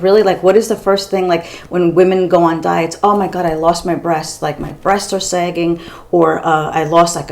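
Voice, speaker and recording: Fairly low and darkish, her voice belongs to a fifty-something East Coast American beauty vlogger. She talks frankly during a relaxed makeup tutorial at home, swearing now and then.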